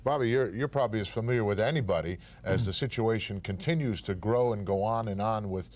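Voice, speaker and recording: A man hosting a wrestling TV show, talking steady and earnest with small stammers. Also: lowish voice, quick pace. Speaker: wrestling TV host. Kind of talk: broadcast commentary.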